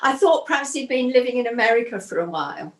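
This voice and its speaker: A woman's voice: a little high, sing-song, quick pace. Older English woman, echoey room. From England. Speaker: co-host, host's mother.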